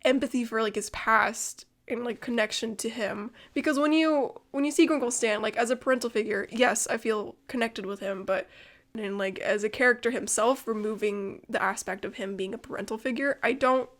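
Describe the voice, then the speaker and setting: A young woman co-hosting a podcast, chatting excitedly, swearing freely and laughing often. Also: on the high side, normal speed. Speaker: podcast co-host. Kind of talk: casual chat.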